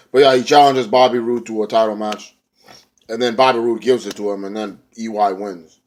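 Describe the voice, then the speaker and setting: A young man casually recapping a wrestling show, rambling in slang and now and then mimicking the wrestlers. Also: fairly low pitch. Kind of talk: casual recap, retelling a show with quoted voices.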